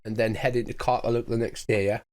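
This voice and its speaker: A man's voice: medium pitch, little pitch movement, quick pace. A man narrating as game master, setting scenes in a chatty, descriptive way.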